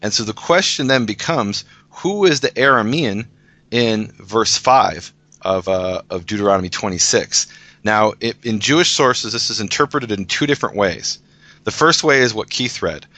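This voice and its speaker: A lower-pitched man with a bright, forceful tone, patiently walking listeners through a passage in a casual discussion. He restarts sentences often as he explains, and the sound is dry and close. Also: normal speed, no echo. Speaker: guest teacher of Hebrew scripture.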